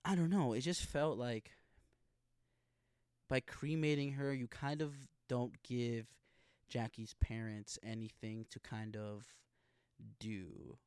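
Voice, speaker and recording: A man's voice: medium pitch, steady tone, takes it slowly, a little mellow, smooth, dry recording, studio quality. A young man recapping a TV episode from his notes, casual, slangy and full of swearing. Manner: profane, slangy, emphatic. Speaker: TV episode reaction host.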